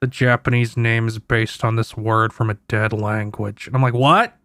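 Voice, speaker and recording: A man's voice: on the low side, steady tone, normal speed, a bit bright, no echo. A man co-hosting a podcast, making irreverent jokes in casual chat. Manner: joking, irreverent asides. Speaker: podcast co-host. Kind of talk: casual movie review chat.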